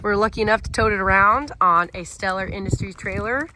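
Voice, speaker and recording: A woman's voice: mid-range voice, fairly quick, sharp tone. A woman, a farmer and vlogger, explaining harvest equipment in an upbeat, amused way, recorded outdoors on a farm. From USA. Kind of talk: casual vlog narration. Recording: outdoor recording with clear machinery noise. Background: vehicle and machinery noise.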